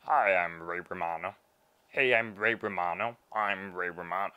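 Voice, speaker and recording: Young man doing a droning deadpan low comedian. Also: normal speed, clean tone.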